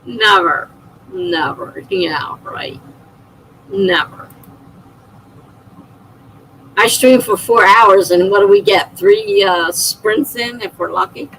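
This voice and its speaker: A woman's voice: medium pitch, unhurried, gravelly, hardly any pauses, a bit bright, a little hiss or hum, rough recording. A middle-aged woman hosting a livestream, chatting casually and laughing often as she reads viewer comments aloud. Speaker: livestream host.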